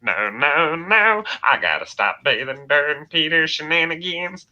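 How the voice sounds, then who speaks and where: A man voicing an easygoing, soft-spoken cartoon family man in a high mumbly voice. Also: animated, measured pace, highs cut off, full character voice. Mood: mild.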